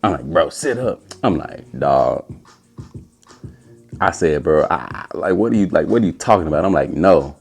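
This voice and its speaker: A young man telling a casual, animated story as a podcast host, putting on a high voice for quotes. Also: moderate pace, gravelly, breathy edge, faint music behind.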